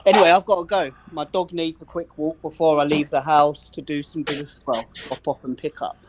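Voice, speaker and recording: Brief: forties bloke, brighter-pitched, joking banter with faint noise behind. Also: male voice, steady tone, fairly quick. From South East London. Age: 40s. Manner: swearing, laughing banter. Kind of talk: casual chat.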